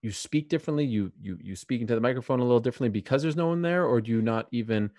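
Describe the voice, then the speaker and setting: A man hosting an interview, asking questions with halting restarts. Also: mid-range voice, a little mellow, no echo, studio quality. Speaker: interviewer, host.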